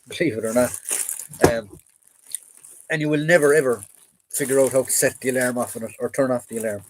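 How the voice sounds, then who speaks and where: With a mid-range voice and a slightly fast pace, a young Irish man pauses often while reading viewer questions on his relaxed militaria livestream. He is talkative and jokey, rambling as he answers chat aloud over slight background noise.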